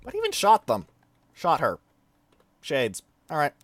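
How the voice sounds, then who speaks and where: A man giving casual, excitable commentary over his own gameplay, swearing freely and breaking into silly sing-song chants. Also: a little high, unhurried. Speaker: video game let's play host. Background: game music.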